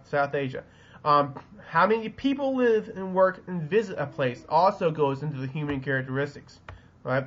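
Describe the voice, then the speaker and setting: A man's voice: mid-range voice, dull audio. A man with a Southern US accent giving a recorded geography lesson, rambling with lots of ums and restarts. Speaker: teacher. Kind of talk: recorded classroom lecture. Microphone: webcam.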